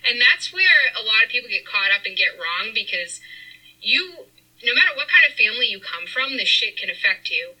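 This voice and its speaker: A woman's voice: a little high, big pitch swings, normal speed, bright, forceful tone, poor audio. A young woman co-hosting, telling a candid, rambling family story in casual chat, recorded inside a car. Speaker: podcast co-host.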